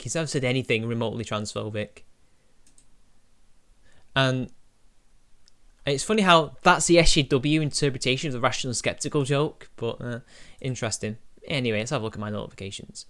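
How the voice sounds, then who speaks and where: A man's voice: mid-range voice, animated, brisk, fairly bright tone. A young man, chatting on a live stream in a mocking, crude, laughing way. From Britain. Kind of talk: casual live-stream commentary.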